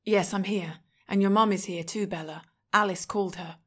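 A soft-spoken young vampire man, steady and protective, with an easy mid-range voice that turns firm when he insists. a woman reads him out in an audiobook. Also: mid-range voice, moderate pace, natural voice. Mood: calm firm. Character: gentle young male vampire, calm and firm. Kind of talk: scripted audiobook reading.

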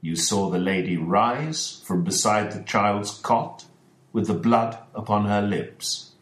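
A man voicing a calm, precise male detective in a storybook reading, explaining in a measured way. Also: on the low side. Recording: echoey room.

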